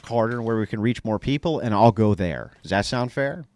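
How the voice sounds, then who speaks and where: A man's voice: fairly low pitch, lively intonation, brisk, darkish tone, no echo. A man hosting a debate, pressing firmly with pointed questions. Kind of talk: argumentative debate. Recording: played clip.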